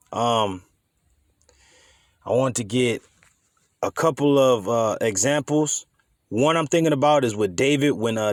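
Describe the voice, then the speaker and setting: A man's voice: medium pitch, no room sound, studio quality. A man giving casual, emphatic scripture teaching, reading verses aloud and commenting in a loose, conversational way with occasional swearing. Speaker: bible teacher.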